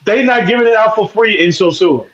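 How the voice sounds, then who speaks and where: Teasing high-voiced man. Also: echoey room, highs cut off, a crowd in the background. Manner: teasing, quick interjections. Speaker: podcast co-host. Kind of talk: casual chat.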